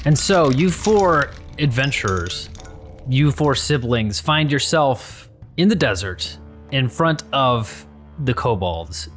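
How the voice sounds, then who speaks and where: A man's voice: mid-range voice, lively intonation, slow, fairly bright tone, faint music behind. A man narrating a tabletop game as game master, rambling and restarting often. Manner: rambling, with frequent fillers and restarts.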